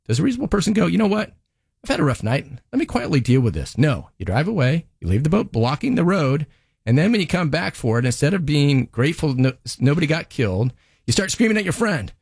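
A stern, sarcastic TV judge tears into a defendant in a lively, up-and-down voice that swings between mockery and disbelief, as a man reads her part. The pitch sits a little high for a man, and the sound is dry and close. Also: no echo. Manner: sarcastic, scolding, mocking the defendant. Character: stern, scolding female TV judge handing down rulings. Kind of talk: comedic courtroom monologue.

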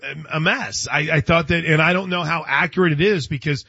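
Chatty sports radio guy, husky, stumbles over his words, kinda muffled dry audio. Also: a little high, a little fast, pushed and bright, dry recording. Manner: chatty, stumbles and restarts, laughs. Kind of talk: casual sports talk.

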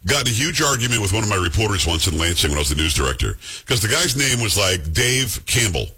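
A man hosting a radio show, chatting and needling his co-hosts with fast, animated energy. His voice is bright and edged with a light husk, and his pitch swings widely as he tells his stories. He plays out every quoted line with gusto. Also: husky. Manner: animated, teasing, tells stories and acts out other people's lines. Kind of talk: casual on-air banter.

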